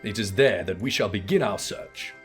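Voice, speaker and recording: A man voicing a pompous, theatrical gentleman inspector in a game, speaking in grandiose, old-fashioned phrases. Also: lowish voice, normal speed, faint music behind, close to an everyday voice. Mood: solemn.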